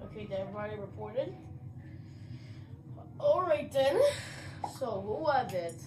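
A woman giving live commentary while playing an online game, narrating her own moves and swinging from low mutters to shouted outbursts. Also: expressive, unhurried, background noise. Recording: roomy echo.

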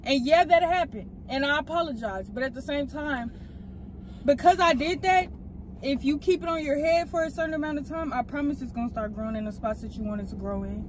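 A woman with a high voice pulls a prank from inside a car, coaxing and mock-soothing as she teases. Steady noise fills the background around her. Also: brisk. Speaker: prankster vlogger. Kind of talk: casual prank banter in a car.

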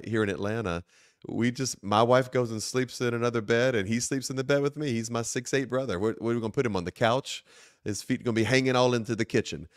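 A man, a bishop, hosting his talk show in an earnest, quick way with many filler words and restarts. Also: on the low side, clear, resonant tone, no room sound, clean studio sound. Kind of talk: sermon-like talk show monologue.

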